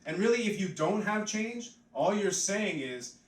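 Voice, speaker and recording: A man's voice: sits high, expressive, a little slow, recorded from a distance. Rambling male comic in an echoey pub. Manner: rambling and offhand, full of "like" fillers. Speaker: stand-up comedian. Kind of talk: live stand-up comedy. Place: pub stage, live audience. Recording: echoey pub mic heard from afar.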